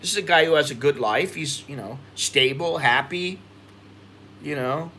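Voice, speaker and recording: American guy, vlog host, bright forward tone, rambling, frustrated, faint background noise. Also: a little high, moderate pace. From United States. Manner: rambling, frustrated, repeats himself. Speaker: expat vlogger. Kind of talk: livestream chat reading viewer comments.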